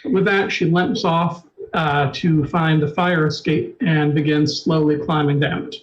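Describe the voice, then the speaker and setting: A man narrating as storyteller of a tabletop game, unhurried and full of filler words, on a dull lo-fi stream recording. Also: fairly high pitch, steady tone.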